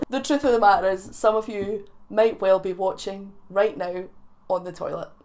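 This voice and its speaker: A woman's voice: mid-range voice, moderate pace, darkish tone. Playful Scottish woman vlogging to camera. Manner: playful, laughs often, teasing asides. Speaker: YouTube reaction host. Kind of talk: chatty vlog to camera.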